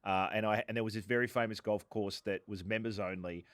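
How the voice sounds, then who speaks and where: A man's voice: fairly low pitch, steady tone, a little fast, a bit bright, dry recording, studio quality. A man with an Australian accent hosting a conversational interview, chatty and eager to chime in. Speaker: podcast host.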